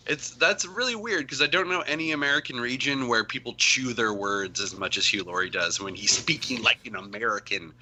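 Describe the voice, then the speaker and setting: A man's voice: mid-range voice, fairly quick, hardly any pauses, bright, forceful tone, a little hiss or hum, low-quality recording. A man, a comic writer on as a guest, chatting casually and rambling with lots of fillers. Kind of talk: casual chat.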